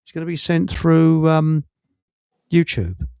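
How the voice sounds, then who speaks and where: A man's voice: on the high side, animated, slow pace, creaky, mellow, clean tone, no echo, clean studio sound. A man hosting a live radio chat with a Hertfordshire accent, joking and rambling with many fillers and restarts. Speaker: radio show host.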